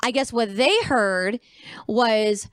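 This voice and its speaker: A woman guest on a chat podcast, telling a personal story with lively quoted voices. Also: fairly high pitch, slow. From Arizona. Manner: animated storyteller, acts out quoted friends.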